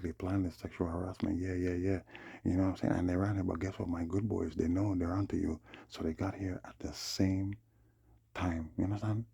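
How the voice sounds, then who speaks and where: Man, agitated vlog rant; very low, raspy voice with fry, mellow, dry close mic. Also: no echo. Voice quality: husky, gravelly. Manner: agitated, repeats himself, acts out the other people's lines. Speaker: vlogger. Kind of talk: rambling monologue recounting a dispute.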